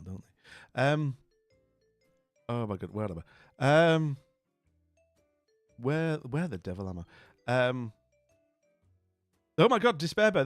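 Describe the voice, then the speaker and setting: A man from northern England streams a game and talks to his chat in a loose, rambling way. His middle-pitched voice rises and falls a lot. The recording is dry and close, with faint music playing behind him. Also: no echo. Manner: rambling and chatty, full of "you know what I mean". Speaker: live streamer. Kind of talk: casual live-stream chat while gaming.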